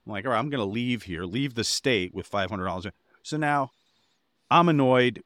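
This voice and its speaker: A man's voice: medium pitch, expressive, moderate pace, a bit bright, no echo, studio quality. A man co-hosting a podcast, telling a rambling anecdote in casual chat and getting exasperated as he goes. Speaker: podcast co-host.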